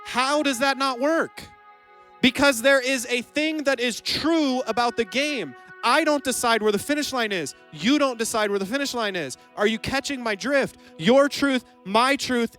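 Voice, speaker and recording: Guy preaching to a youth crowd, high smooth voice, jokes around, faint music behind. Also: expressive, normal speed, fairly bright tone. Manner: playful, jokes with the crowd, acts out both sides of a scene. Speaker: youth pastor. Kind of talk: lively youth sermon. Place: church hall with a live audience.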